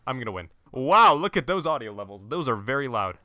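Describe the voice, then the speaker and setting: Excitable young man doing gameplay commentary. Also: medium pitch, brisk, hardly any pauses, no echo. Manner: excitable, jokey, swears at deaths. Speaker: gaming channel host. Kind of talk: let's-play gameplay commentary.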